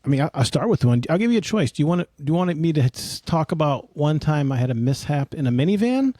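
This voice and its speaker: A man's voice: on the high side, sing-song, fast talker, warm tone, dry recording, studio quality. A middle-aged man hosting a podcast, telling a rambling, self-mocking story in casual chat. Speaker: podcast host.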